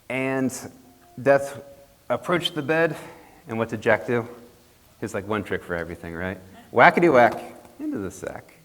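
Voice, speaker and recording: A man telling a folk tale to a congregation in a playful, chatty way, with jokey asides. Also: fairly low pitch. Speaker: storyteller. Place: church hall. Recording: long reverb of a hall.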